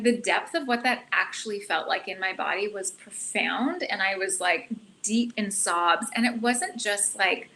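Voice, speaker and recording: Bright-voiced woman telling her story. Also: mid-range voice, a little hiss or hum, rough recording. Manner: earnest, animated, self-reflective. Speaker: guest. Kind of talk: casual storytelling.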